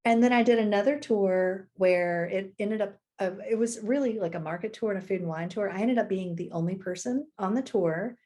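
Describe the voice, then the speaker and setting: A middle-aged woman, a podcast guest, telling stories in a casual, animated way and laughing easily. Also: mid-range voice, brisk, few pauses. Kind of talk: casual storytelling chat.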